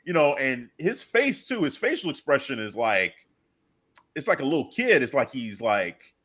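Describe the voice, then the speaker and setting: A man in casual podcast chat, excitedly retelling a wrestling segment and acting out his own reactions. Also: medium pitch, normal speed.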